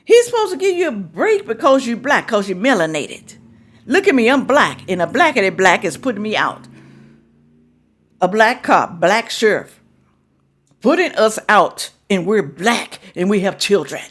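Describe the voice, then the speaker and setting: A woman's voice: mid-range voice, sing-song, moderate pace. A woman hosting a reaction video who lectures and scolds, repeating her points for emphasis. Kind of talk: reaction commentary.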